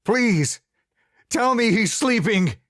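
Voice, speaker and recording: A man voicing a furious, grieving father who shouts in raw desperation in a storybook reading. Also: mid-range voice, big pitch swings, measured pace, breathy edge, dry recording, studio quality, heavily acted. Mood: pleading.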